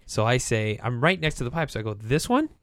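A man's voice: medium pitch, fast talker, a bit bright, no room sound, clean studio sound. Laughing man telling a work story. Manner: laughing, acts out coworkers' lines. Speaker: guest. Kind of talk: casual storytelling.

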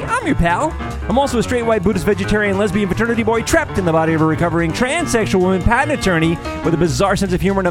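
A podcast host delivering playful, jokey chatter and introductions. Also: female voice, medium pitch. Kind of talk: comedic podcast banter.

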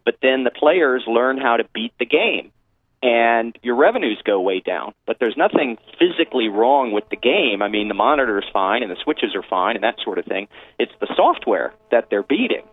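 Male call-in guest, relaxed storyteller, phone-line sound. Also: mid-range voice, moderate pace, husky. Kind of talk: casual phone interview.

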